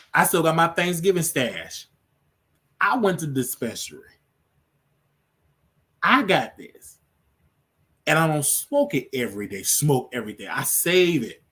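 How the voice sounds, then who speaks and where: A man's voice: fairly high pitch, sing-song, normal speed, pauses often, a bit bright, husky. A man hosting his own show, chatting casually and rambling on a livestream, laughing often. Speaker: show host.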